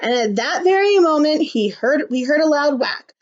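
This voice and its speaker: A woman reading a rhyming picture book aloud to children, pausing to explain things in simple words. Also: high voice, lively intonation. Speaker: storybook reader. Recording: slightly muffled recording.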